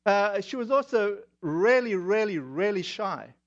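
A man's voice: high-pitched, expressive, measured pace. A man from South Africa with a South African accent, preaching a sermon in a chatty, self-deprecating way with many fillers. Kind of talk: sermon with personal stories. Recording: dull lo-fi audio.

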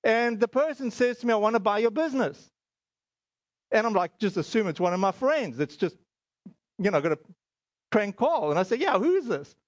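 A man's voice: sits high, animated, moderate pace, pauses often, no room sound, lo-fi sound. A middle-aged man from South Africa giving a spoken testimony sermon, telling his story with many fillers and acted-out dialogue. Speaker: speaker.

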